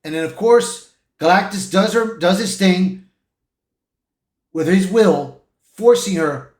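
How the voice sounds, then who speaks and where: A man's voice: high voice, slow pace, long pauses. A man casually recapping a film plot in a rambling way, with frequent restarts. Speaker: movie reviewer. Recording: echoey room.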